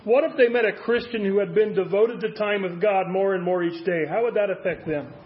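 A man's voice: high voice, fairly quick, dull audio. A man preaching a conversational sermon as a pastor, full of rhetorical questions.

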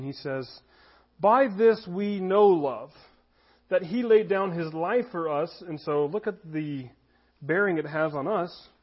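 High-voiced man preaching, dull recording. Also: breathy edge. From United States. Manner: conversational preaching, shifts into voiced anecdotes. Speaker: pastor. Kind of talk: sermon. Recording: dull lo-fi audio.

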